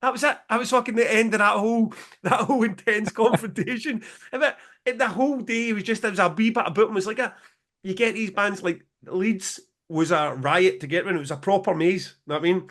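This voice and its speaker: A middle-aged Scottish man, a music promoter co-hosting a podcast, telling sweary, animated stories and laughing through them. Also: high-pitched. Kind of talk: casual storytelling chat.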